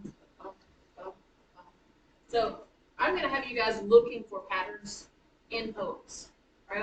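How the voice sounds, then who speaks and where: A woman teaching a high school writing class, chatty and self-correcting as she taps out rhythms aloud. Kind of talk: classroom lecture. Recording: roomy classroom from a distance, faint noise.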